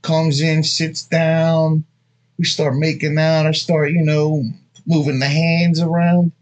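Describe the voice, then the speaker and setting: A man's voice: on the high side, level tone, slow pace, darkish tone. A man in his thirties giving blunt, crude dating advice in a rambling, casual monologue full of asides. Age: 30s.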